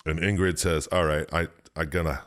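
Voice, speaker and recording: A man with a very low voice talks through a story in loose, rambling podcast chat. He swears freely and now and then jumps into squeaky, exaggerated voices for the characters. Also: fairly even intonation, a little fast, a bit bright. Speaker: podcast co-host. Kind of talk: casual chat, recapping a game plot.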